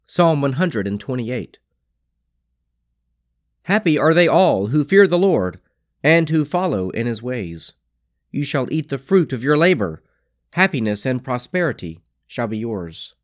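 Man in a measured scripture reading. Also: medium pitch, big pitch swings, dry recording, studio quality. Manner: slow, phrase-by-phrase liturgical delivery. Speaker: scripture reader.

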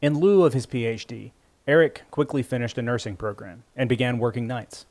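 A man narrating a story in a measured, even storytelling voice. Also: medium pitch, no echo. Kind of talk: scripted audiobook narration. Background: faint music score.

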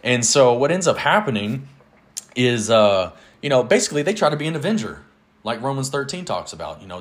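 A man's voice: medium pitch, very animated. A man teaching the Bible in a casual, earnest way, with many fillers. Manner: earnest, measured, with fillers and little laughs. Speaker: podcast host, Bible teacher.

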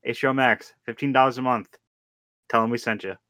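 A man's voice: mid-range voice, fairly even intonation, a little fast, pushed and bright, no echo. A man hosting a podcast, chatting casually in a dry, matter-of-fact way. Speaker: podcast host.

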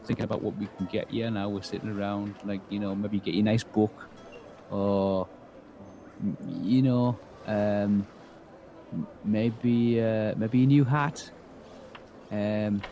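A man's voice: fairly low pitch, warm tone, a little hiss or hum, rough recording. A man, game master telling an in-character story in a rambling way, acting out quoted lines. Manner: rambling, full of restarts and acted-out quotes.

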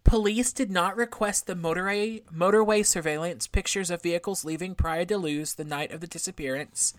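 Podcast co-host, woman, low voice, dry sound, casual true crime recap. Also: normal speed, no room sound. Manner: explains a case from notes, casual swearing.

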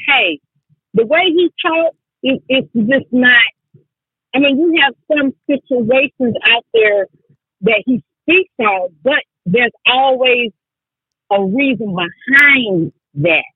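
A woman calling in to a talk show, talking with animated emphasis and often cutting in. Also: high voice, slow, breathy edge, no room sound. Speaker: caller. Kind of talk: call-in show chat. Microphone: phone. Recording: tinny phone line.

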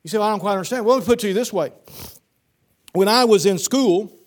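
A man, a pastor, preaching an evening sermon with emphatic repetition that climbs in intensity. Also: fast. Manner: emphatic, repeats words, builds in pitch and force.

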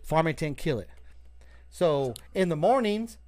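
A man telling a story on a casual podcast, animated and profane, acting out the voices of the people in it. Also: fairly high pitch, a little slow.

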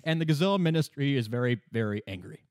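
A man's voice: medium pitch, lively intonation, fast, a little mellow, no room sound, studio quality. A man co-hosting a casual comedic chat, recapping a game plot with sarcasm and frequent laughter. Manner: sarcastic, joking, laughs often, trails off with fillers. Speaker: podcast co-host.

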